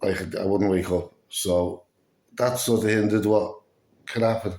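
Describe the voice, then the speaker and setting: A man's voice: on the low side, fairly even intonation, unhurried, a little mellow, echoey room. A man telling a story in a casual vlog, swearing often, sounding fatigued and acting out what others said. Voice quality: breathless, fatigued. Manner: swears a lot, acts out quoted dialogue.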